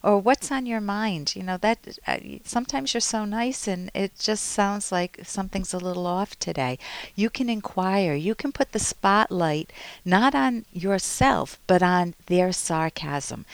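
A woman's voice: mid-range voice, lively intonation, normal speed, clear, resonant tone, dry recording. A woman hosting an advice show as a psychologist, earnestly coaching listeners and reading their letters aloud. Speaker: radio psychologist host.

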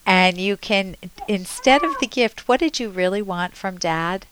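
A woman's voice: medium pitch, unhurried, noisy background. A woman radio therapist hosting a call-in show, earnestly coaching a caller with spoken examples.

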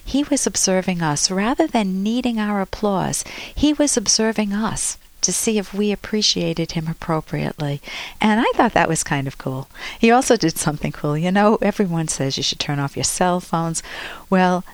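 A woman's voice: on the low side, animated, moderate pace, dry recording. Chatty woman advice podcast host. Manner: chatty, rambling storyteller with self-corrections. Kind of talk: casual advice talk and anecdote.

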